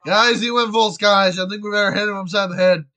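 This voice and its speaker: A man talks loosely over his gameplay, narrating his moves between jokes. His voice sits high with a bright, sharp edge. The tone is casual and irreverent, with frequent swearing. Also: steady tone, fast. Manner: chatty, jokey, swears freely. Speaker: gamer.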